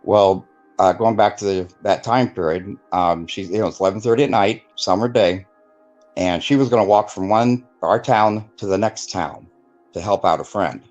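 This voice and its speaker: A man's voice: fairly low pitch, normal speed, darkish tone, muffled recording, soft background music. A man telling his life story in a casual interview, rambling with many fillers and acting out the voices of people he quotes. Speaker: guest telling his testimony.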